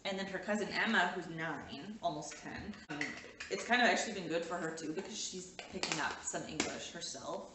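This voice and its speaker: A woman's voice: on the low side, a little fast. A young woman from Canada, a mom vlogger talking casually to the camera while looking after her toddler, rambling with lots of "like" fillers. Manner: rambling, many "like" fillers, coos to her child. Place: home room. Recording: roomy sound, mic a bit distant, faint hiss.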